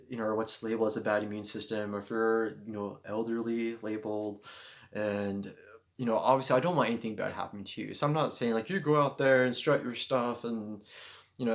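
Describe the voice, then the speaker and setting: A man vlogging spiritual thoughts to a handheld camera, talking in an earnest, rambling way full of "you know" fillers. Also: mid-range voice. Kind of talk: casual self-filmed monologue. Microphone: handheld camera mic.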